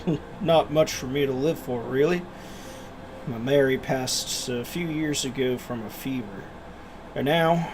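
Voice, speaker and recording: A man's voice: fairly high pitch, a little mellow, a little hiss or hum, natural voice. A man voicing a grieving, gloomy village blacksmith with a wandering put-on Scottish brogue.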